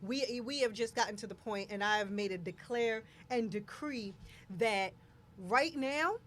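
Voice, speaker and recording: A woman's voice: a little high, measured pace, slight background noise. A woman hosting a live talk show, speaking emphatically and repeating words for stress. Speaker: show host. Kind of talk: casual live show chat.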